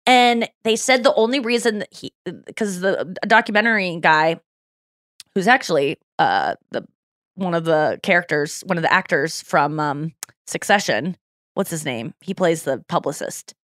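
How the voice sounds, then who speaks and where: A woman's voice: on the low side, normal speed, no room sound, clean studio sound. A woman hosting a podcast, telling stories in a casual chat and acting out the people she quotes. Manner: animated storytelling, quoting others in acted voices. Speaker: podcast host.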